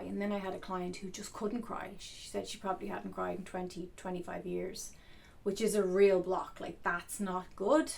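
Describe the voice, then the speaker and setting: A woman coach talking softly and earnestly to camera in an unhurried, reflective way. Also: on the low side, flat delivery, gravelly.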